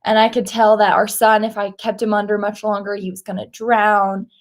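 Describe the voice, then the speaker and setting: A woman speaking at church, retelling a story in a conversational, animated way with casual fillers. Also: mid-range voice, normal speed. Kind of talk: sermon with a retold story.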